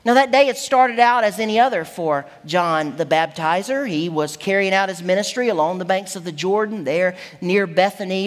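A woman preacher delivers an emphatic, expressive teaching sermon. Her voice sits a little high and swings widely in pitch, and a long hall reverb trails each phrase.

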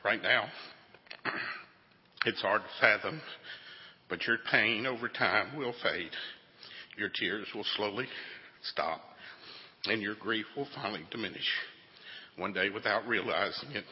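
A man giving a calm, consoling funeral address in a measured way, in a dull, echoey hall recording. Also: on the low side. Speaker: funeral officiant.

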